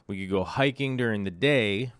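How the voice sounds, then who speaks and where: A middle-aged man chats loosely on a livestream, restarting sentences and reading out viewer comments. His voice sits a bit low and sounds smooth and clear. The mic is close and dry, with no room sound. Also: moderate pace, a bit bright, no echo. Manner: rambling, many ums and restarts, reads viewer comments aloud. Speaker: livestream host. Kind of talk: casual livestream chat.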